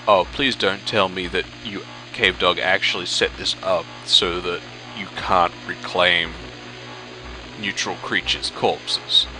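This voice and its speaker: A man with a low, deep voice talks through a strategy game, explaining calmly, then breaking into exasperated swearing. Clear game music plays under his voice throughout. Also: takes it slowly. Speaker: let's play commentator. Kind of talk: gameplay commentary.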